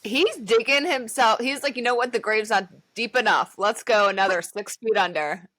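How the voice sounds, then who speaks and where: A woman's voice: fairly high pitch, normal speed, fairly bright tone, no room sound. A woman co-hosting a podcast in casual chat, giving blunt reactions and short asides. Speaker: podcast co-host.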